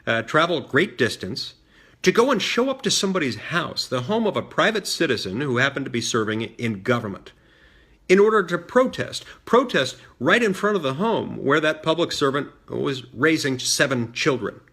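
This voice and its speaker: A middle-aged man telling a personal story in a measured way, with frequent fillers and restarts. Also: fairly high pitch, big pitch swings, a bit bright, husky. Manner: measured, many fillers and restarts, mimics voices in quotes. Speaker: senator recounting a childhood story. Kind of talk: storytelling monologue.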